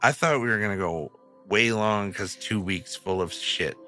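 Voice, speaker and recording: A man's voice: lowish voice, moderate pace, sharp tone, soft background music. A man co-hosting a podcast in casual chat, loose and joking, swearing freely. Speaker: podcast co-host.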